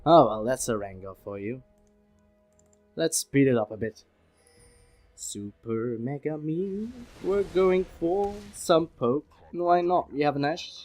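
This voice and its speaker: A man's voice: mid-range voice, a little mellow. A man giving casual, rambling commentary over his own gameplay, with self-deprecating asides. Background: faint background music.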